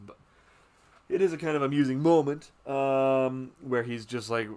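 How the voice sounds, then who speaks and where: A man hosting a podcast, chatting casually about a film in a rambling way, with plenty of fillers, swearing and quick asides. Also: mid-range voice, darkish tone, clean tone. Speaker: podcast host.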